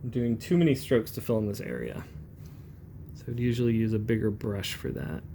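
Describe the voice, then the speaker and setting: A man in his forties, a comic book inker, chatting in a relaxed, rambling way as he demonstrates brush inking. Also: on the low side, a little fast, gravelly, slight background noise.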